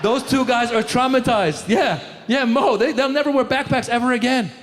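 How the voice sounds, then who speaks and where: Animated stand-up comic man. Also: very high voice, moderate pace. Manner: animated, jumps into shouted impressions. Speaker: stand-up comedian. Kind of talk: stand-up comedy set. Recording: live show in a large hall.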